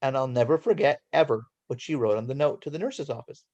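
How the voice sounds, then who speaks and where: A man in his forties from Los Angeles, a guest telling a childhood story in an animated way and acting out the voices. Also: medium pitch, fast, muffled recording.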